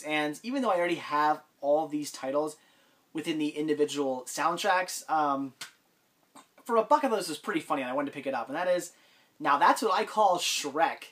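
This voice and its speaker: A man with a stuffy, congested voice from a cold talks through his latest finds in a relaxed, rambling way. His voice sits a little above the usual for a man, and he keeps stopping for ums and restarting his sentences. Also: fairly high pitch, fairly quick. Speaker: collector vlogger. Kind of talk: casual vlog haul talk.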